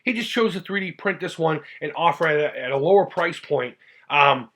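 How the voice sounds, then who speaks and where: A man's voice: on the high side, expressive, brisk, a bit bright. A middle-aged man from the United States who hosts a retro gaming channel, talking in a chatty, heartfelt vlog style that rambles and restarts. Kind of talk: casual vlog talk.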